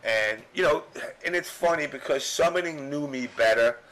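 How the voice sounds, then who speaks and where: On a rough recording, a podcast guest who once wrote strategy guides, a middle-aged man from New York, rambles through a profane, filler-heavy story in easygoing conversation. He speaks at a moderate pace in a fairly high, somewhat bright voice.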